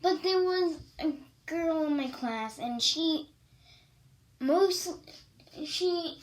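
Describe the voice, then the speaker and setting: A woman's voice: high voice, recorded from a distance. A female vlogger talking casually to camera in a rambling, stop-start way with emphatic repetitions.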